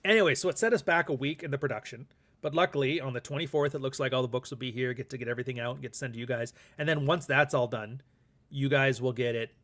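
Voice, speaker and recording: A man's voice: mid-range voice, fast, a bit bright. A man hosting his own podcast, talking in a rambling, candid, casual monologue and swearing freely. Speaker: podcast host and author.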